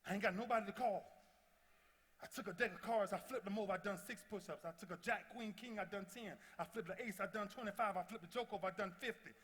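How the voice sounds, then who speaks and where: A man in his thirties giving an impassioned motivational speech, telling stories that swing from loud to hushed. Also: sits high, fast talker. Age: 30s. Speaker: motivational speaker. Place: large convention hall before a big audience. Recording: long reverb of a large hall.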